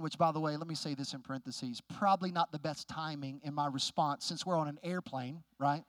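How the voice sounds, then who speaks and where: A preacher man with a high, bright voice talks straight to his congregation, candid and a little wry. He pushes loud and high when he drives a point home, then sinks low and quiet to tell a story. The sound is close and dry, with no room echo. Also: a little fast, hardly any pauses. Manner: candid, conversational, asks the crowd questions. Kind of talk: sermon with a personal story.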